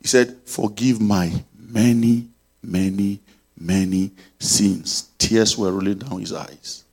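A man preaching a sermon, telling a story and leading prayer, swinging between loud and soft. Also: lowish voice, steady tone, slow, husky.

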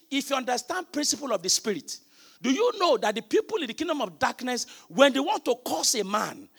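High gravelly man preaching a sermon. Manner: rhetorical questions to the congregation; shouting emphatic preaching.

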